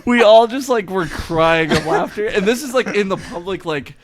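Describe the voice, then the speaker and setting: A young man co-hosting a podcast, telling stories with lively, laughing energy. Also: sits high, moderate pace, noisy background. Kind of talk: casual chat.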